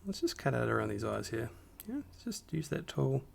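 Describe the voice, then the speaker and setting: A man hosting a live stream with a rough morning voice, casually talking viewers through a Photoshop edit step by step. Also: medium pitch, very animated, normal speed. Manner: talks the viewers through each step, upbeat and encouraging. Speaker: stream host doing a Photoshop tutorial.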